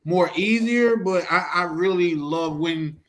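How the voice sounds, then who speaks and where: A man's voice: high voice, measured pace, a bit bright, slight background noise. A man in a casual roundtable chat, teasing and joking in slangy talk.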